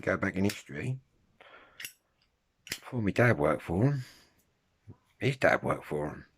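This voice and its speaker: A man's voice: low voice, lively intonation, unhurried, husky. A man from Kent with a Kent accent, talking to his viewers in a casual, rambling monologue full of slang and restarts. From Kent, England. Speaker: vlogger.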